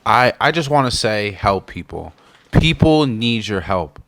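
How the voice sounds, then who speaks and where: A man's voice: fairly low pitch, sing-song, unhurried, fairly bright tone. A man co-hosting a podcast, urging listeners with repeated plain appeals. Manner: urging, repetitive. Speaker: podcast co-host. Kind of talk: casual podcast chat.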